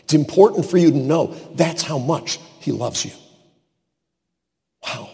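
A man preaching a sermon, swinging from loud declarations to hushed asides and acting out quotes. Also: on the high side, lively intonation, unhurried, gravelly. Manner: dramatic shifts from loud to hushed, acts out quotes. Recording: long hall reverb.

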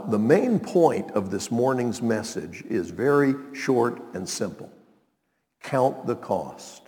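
A man's voice: medium pitch, darkish tone, in a large hall. A male pastor preaching a sermon in an emphatic way, repeating his key phrases.

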